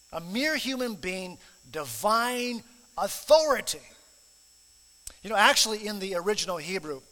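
A man's voice: high-pitched, bright, forceful tone, big-room sound. A man preaching a sermon in an earnest, emphatic way, stressing and repeating key phrases. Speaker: pastor.

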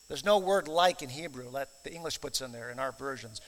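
A man's voice: a little high, moderate pace, hardly any pauses, fairly bright tone, in a large hall. A man preaching a sermon in an earnest, emphatic way, stressing and repeating key phrases. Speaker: pastor.

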